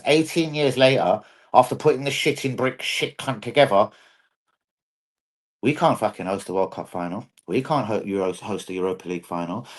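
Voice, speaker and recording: Brief: man hosting a livestream, rowdy and foul-mouthed, mumbling one moment and bellowing the next. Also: on the high side. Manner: rowdy, profane, swings from mumbling to shouting. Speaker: livestream host. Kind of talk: livestream fan chat. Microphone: computer mic on a livestream.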